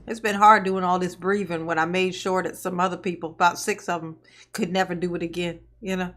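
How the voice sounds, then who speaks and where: A woman's voice: lowish voice, fairly even intonation, a little fast, a bit bright. A woman giving casual live-stream reaction commentary, sarcastic and mocking, often laughing.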